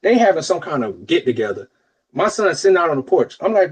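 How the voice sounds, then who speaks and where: A young man from Florida telling a personal story on a podcast, animated and profane, with loud outbursts and low, muttered asides. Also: quick pace, slightly rough. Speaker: podcast co-host. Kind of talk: casual storytelling chat.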